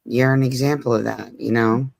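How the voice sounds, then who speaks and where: A man's voice: mid-range voice, steady tone, normal speed, creaky, dry recording. A man hosting a podcast interview, answering his guest with short affirming replies. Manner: affirming, brief encouraging replies. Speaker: podcast host. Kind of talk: conversational interview. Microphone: remote interview mic.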